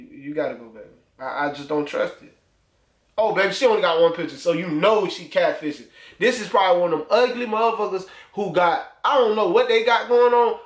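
A young man giving loose, crude, teasing commentary as he reacts on his own channel. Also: high voice. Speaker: YouTuber. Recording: echoey room.

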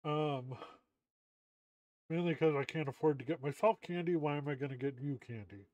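A man's voice: fairly high pitch, moderate pace, darkish tone, no room sound. A man chatting casually on a game stream, his voice stuffy and muffled through a costume mask, joking, chuckling often and swearing freely. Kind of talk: casual live-stream chat. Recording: dull muffled lo-fi audio.

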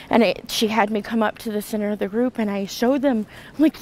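A woman's voice: on the high side, quick pace, a little mellow, slight background noise, rough recording. A woman sharing an emotional personal testimony, earnest and full of restarts and fillers. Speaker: retreat participant sharing a testimony.

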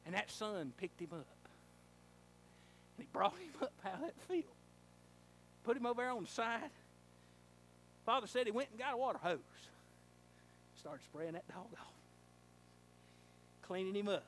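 A male pastor preaching a sermon in a church, telling a folksy story and rising to fervent shouting. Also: sits high, very animated, moderate pace, long pauses, a little hiss or hum. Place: church sanctuary.

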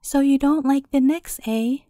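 A cracked, croaking old witch, as a woman narrator puts her on. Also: sits high, dark tone, dry recording, studio quality. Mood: menacing. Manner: slow, grim muttering. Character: ugly old witch woman, rude and menacing.

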